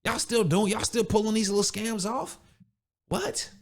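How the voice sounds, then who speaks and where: A young adult man hosting a podcast, ranting bluntly in street slang with casual, animated delivery. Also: sits high, a little fast. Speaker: podcast host. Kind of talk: casual motivational rant.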